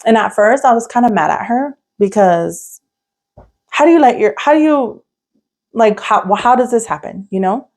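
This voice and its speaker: A woman's voice: fairly high pitch, animated, normal speed, darkish tone. Young woman podcast host rambling thru a story, lots of like and um. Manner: rambling, many "like" fillers and restarts. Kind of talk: casual storytelling chat.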